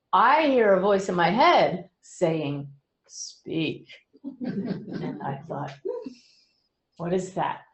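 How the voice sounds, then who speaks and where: A middle-aged woman who is a medium, speaking earnestly to a webinar audience with gentle humor. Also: fairly low pitch, echoey room, rough recording.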